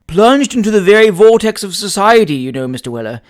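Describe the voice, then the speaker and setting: A man's voice: high voice, big pitch swings, fairly quick. A man voicing a pompous, condescending footman who speaks in an affected, world-weary way in a storybook reading. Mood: languid.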